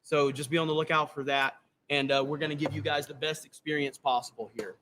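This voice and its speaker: Man, event co-organizer, bright and hype, slightly higher voice. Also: fairly even intonation, fairly quick, slight background noise. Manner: upbeat, hype-building.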